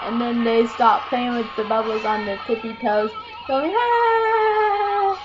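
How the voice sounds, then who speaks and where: A woman's voice: on the high side, steady tone, moderate pace, background noise. A woman casually retelling a film plot, rambling along with "and then" and frequent ums. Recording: dull lo-fi home recording with music behind. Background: music playing clearly.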